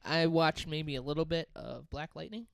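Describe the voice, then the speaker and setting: A man talks casually on a podcast, laughing and swearing. His voice sits on the high side and sounds smooth and clear. The recording is dry and close, with no room sound. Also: fairly even intonation, normal speed, no room sound. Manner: loose, profane, laughing. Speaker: podcast co-host. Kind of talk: casual chat.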